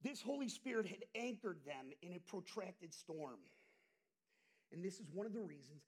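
A male pastor preaching an impassioned sermon, dropping to hushed asides and rising to loud outbursts. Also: sits high, lively intonation, normal speed, husky.

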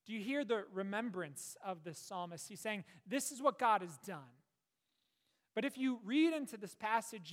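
A man preaching a sermon, earnest, with rises and falls and hushed, prayerful passages. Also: sits high. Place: church. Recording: long reverb of a hall.

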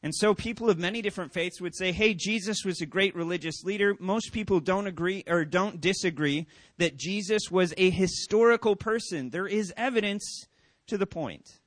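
A male pastor preaching in a church with a fairly high voice. He tells a story and acts out the quoted voices with animated energy. The sound is dry, close and without room echo. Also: moderate pace. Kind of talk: sermon.

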